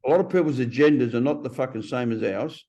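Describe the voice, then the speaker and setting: A blunt man in his fifties, speaking as a podcast guest. He tells stories in a loose, animated way, peppered with swearing. His voice sits at an ordinary middle pitch. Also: quick pace. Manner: blunt, profane, animated storyteller. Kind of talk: casual interview storytelling.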